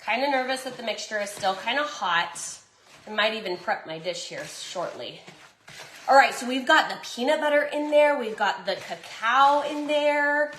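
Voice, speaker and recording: Her voice is a little high and fairly bright, with lively intonation at a normal speed, in a roomy space with slight background noise. She's a chatty Southern cooking vlogger, bubbly as she talks her viewers through cooking at home.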